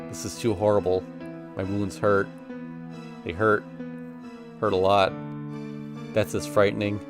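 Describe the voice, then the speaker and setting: Low-voiced man reading a story dramatically. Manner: intense, emotional first-person narration. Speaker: streamer reading a visual novel. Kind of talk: dramatic reading aloud of a visual novel.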